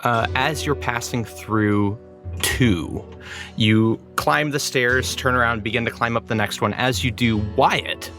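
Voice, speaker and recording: Guy running a tabletop game, mid pitch, telling the scene, faint music behind. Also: a little slow, fairly bright tone. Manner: descriptive storytelling with restarts. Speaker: game master.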